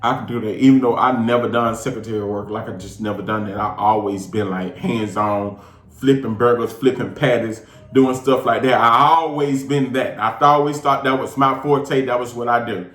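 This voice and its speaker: A man from Georgia with a Southern accent, casually telling a personal story with lively, slangy delivery and big swings in his voice. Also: mid-range voice, normal speed, echoey room. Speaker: show host.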